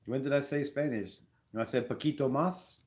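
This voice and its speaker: A man hosting a casual live sports talk stream, rambling and animated, peppering his talk with slang. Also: mid-range voice, a little fast. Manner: rambling, animated, says "bro" a lot. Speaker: fan show host.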